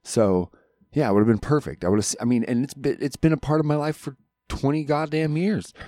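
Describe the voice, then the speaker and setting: A man's voice: medium pitch, brisk, dark tone, dry recording. A man in his thirties co-hosting a podcast, chatting loosely with lots of swearing and rambling. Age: 30s. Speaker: podcast co-host. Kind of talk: casual chat.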